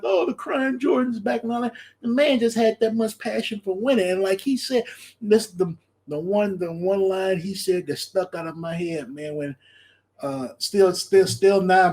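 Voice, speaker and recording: A man hosting a podcast, chatting casually in an animated way, laughing often and repeating his phrases. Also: on the high side. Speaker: podcast host. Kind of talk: casual solo commentary.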